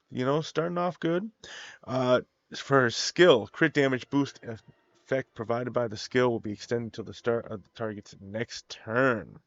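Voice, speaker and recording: A man's voice: mid-range voice, no echo, lo-fi sound. A man who is getting over a cold hosts a casual breakdown of a game character. His voice is nasal and congested, and he rambles with lots of fillers, checking in with "okay?" and "you know.". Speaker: gaming video host.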